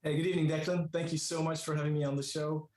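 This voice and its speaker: A man's voice: a little high, level tone, quick pace, a little mellow. Raised-voice man in an echoey room. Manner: friendly, joking. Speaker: urologist guest. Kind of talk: casual podcast chat. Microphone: video call. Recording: echoey room with faint noise.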